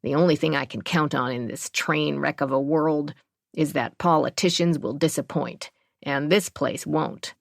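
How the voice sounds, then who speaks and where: Woman reading a gruff, low-voiced blunt man for an audiobook, dry close sound. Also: moderate pace, dry recording. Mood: wry. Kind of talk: audiobook character voice.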